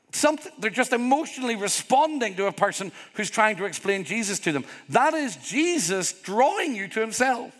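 A man's voice: high-pitched, very animated, normal speed, fairly bright tone. A middle-aged man preaching a sermon as pastor, earnest and openly vulnerable, rising to emphatic peaks. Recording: long hall reverb.

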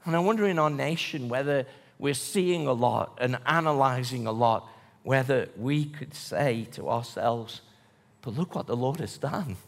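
A man's voice: mid-range voice, unhurried, vocal fry. A man preaching a conversational sermon to a large congregation, often asking rhetorical questions. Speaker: pastor. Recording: long church hall reverb.

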